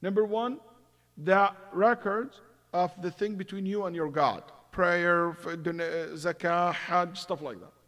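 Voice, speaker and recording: A man's voice: high voice, a little slow. Man lecturing in a reverberant hall. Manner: tells stories acting out both sides, swings from loud to hushed. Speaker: imam giving a Quran commentary class. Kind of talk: religious lecture with storytelling.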